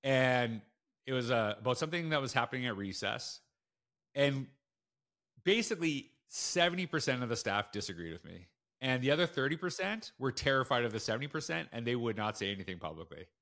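Guy principal on a podcast, bright forceful voice, acts out the quotes, lots of pitch jumps. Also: sing-song, a little fast. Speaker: school principal and guest. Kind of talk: casual storytelling in a podcast interview.

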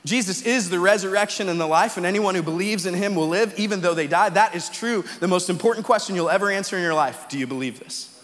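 A man with a bright, high voice preaches a conversational sermon to his congregation. His words ring with a long reverb through a big church auditorium. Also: quick pace, few pauses. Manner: conversational preaching, tag questions, rising to fervent quoted pleas. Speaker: pastor.

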